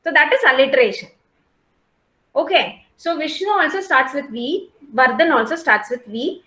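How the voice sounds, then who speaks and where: A woman's voice: high-pitched, expressive, normal speed, sharp tone, echoey room, poor audio. A woman, giving an online class as a college lecturer, explaining patiently and often checking "okay?". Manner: explains patiently, repeats points, asks "okay?" and "got it?" often. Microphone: video call.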